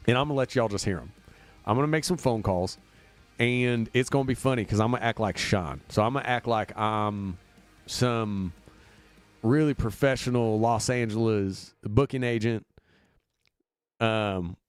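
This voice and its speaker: A man from Indiana, a band member booking a tour, chatting casually and upbeat on a livestream, rambling with plenty of fillers. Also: mid-range voice. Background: faint demo music looping.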